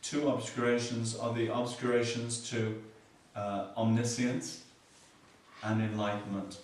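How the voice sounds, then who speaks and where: A man giving a Buddhist teaching, explaining slowly and repeating key words, with dry humor. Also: medium pitch, flat delivery, a little hiss or hum. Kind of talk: dharma teaching. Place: meditation hall. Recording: echoey hall from far off.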